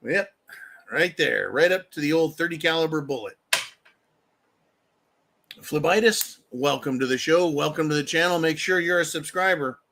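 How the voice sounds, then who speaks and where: A livestream host with a slightly high, somewhat bright voice and vocal fry rants angrily about politics at a moderate pace, pausing often. He swears heavily and thanks viewers for donations along the way.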